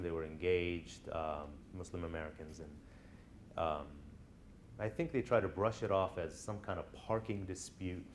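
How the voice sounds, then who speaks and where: There is slight background noise as a deep-voiced man lectures college students in a classroom. His style is conversational, built around personal stories, and he frequently checks in with his students.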